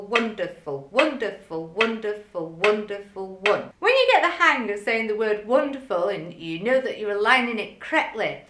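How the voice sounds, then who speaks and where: A woman teaching music, explaining things clearly and methodically and counting rhythms aloud. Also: a little high, fairly bright tone, roomy sound. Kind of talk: instructional video lesson.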